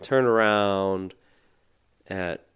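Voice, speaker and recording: A man's voice: low-pitched, very slow, fairly bright tone, clear, resonant tone. A man co-hosting a podcast, telling a story in casual chat and laughing at his own tale. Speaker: podcast co-host.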